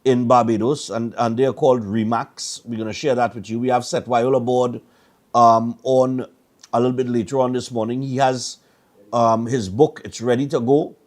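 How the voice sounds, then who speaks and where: Speaking with a level tone at a moderate pace, this medium-pitched morning show host is a middle-aged man from Trinidad and Tobago with a Trinidadian accent. His casual storytelling rambles along, punctuated by stammered repeats.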